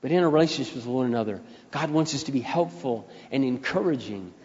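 An older man preaching a sermon as pastor, moving from quiet storytelling into loud, rising appeals. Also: medium pitch, lively intonation, fast. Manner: emphatic preacher who swings between soft storytelling and loud rising appeals. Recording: dull sound with long hall reverb.

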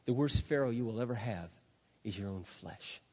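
A middle-aged male pastor delivers a forceful sermon, pushing loud emphasis and then sinking into low, intense stretches. His voice carries a long hall reverb, and the sound is slightly dull, as if from an older recording. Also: expressive, normal speed.

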